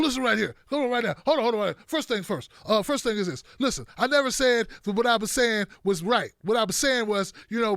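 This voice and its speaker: Brief: man impersonating a rambling, blustery older politician, louder and raised in pitch, bright and dry. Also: dry recording. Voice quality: rambling, blustery, tough-guy bravado. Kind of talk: comedic impression.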